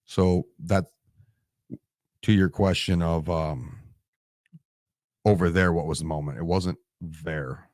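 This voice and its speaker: A man's voice: deep voice, steady tone, slow pace, long pauses, darkish tone, dry recording, clean studio sound. A veteran man in his forties, telling war stories in a casual interview, emotional and tearing up, swearing and restarting his sentences. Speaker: Marine veteran guest.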